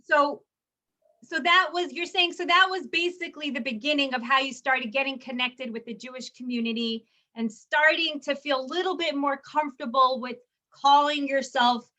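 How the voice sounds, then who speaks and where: High, bright-voiced woman host. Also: normal speed. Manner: friendly, encouraging, chatty. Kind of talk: casual interview chat.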